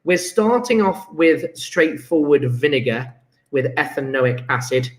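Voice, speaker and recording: A man's voice: fairly high pitch, a little slow. A man, a chemistry teacher reviewing homework in a classroom, chatty and enthusiastic, thinking aloud as he works through answers. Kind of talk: recorded homework review lesson. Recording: echoey room.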